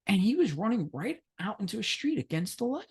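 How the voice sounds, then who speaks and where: A man's voice: high voice, very animated, a little fast. A man co-hosting a podcast, telling a long anecdote in casual chat. He swears a lot, laughs often and acts out the voices of the people in his story. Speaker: podcast co-host.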